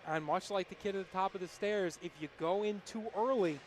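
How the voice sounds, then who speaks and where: Color man for college hockey, high pitched, teasing and chatty, faint noise behind. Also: brisk. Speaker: color commentator.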